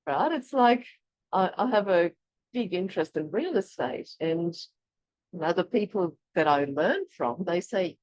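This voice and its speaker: A woman from Eastern Europe leading an online workshop, talking in a chatty, animated way and laughing often. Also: medium pitch, moderate pace, no echo, highs cut off. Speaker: workshop leader. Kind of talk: casual online workshop teaching.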